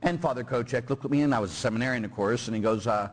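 A man's voice: medium pitch, very fast. A middle-aged man, a Catholic priest, telling stories in a homily, acting out the people in them and tagging lines with "huh?". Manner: animated storyteller, acts out quoted people and sound effects, keeps tagging "huh?". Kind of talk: storytelling homily.

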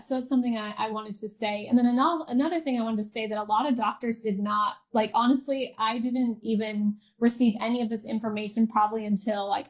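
A woman's voice: on the high side, poor audio. A woman in her thirties chatting as a guest, laughing often and telling a personal story with many fillers. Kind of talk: casual chat.

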